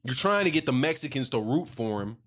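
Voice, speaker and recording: A man's voice: medium pitch, expressive, brisk, fairly bright tone. A man giving heated, sarcastic opinion commentary on boxing, repeating his points for emphasis.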